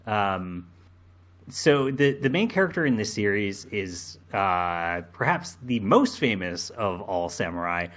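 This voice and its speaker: A man co-hosting a casual podcast, talking slowly and hesitantly with many ums and restarts. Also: on the low side, expressive, fairly bright tone. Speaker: podcast co-host.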